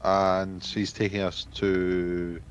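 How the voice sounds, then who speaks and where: A man in a tabletop game asks casual questions, talking very slowly and drawn out. His voice is dull and lo-fi, with the top end muffled. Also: deep voice, level tone, a little hiss or hum. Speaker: player.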